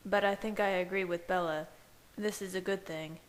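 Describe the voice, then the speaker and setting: A woman reading a fanfiction aloud, voicing a calm, measured fatherly male vampire in her own lowish voice. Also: natural voice. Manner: even, measured.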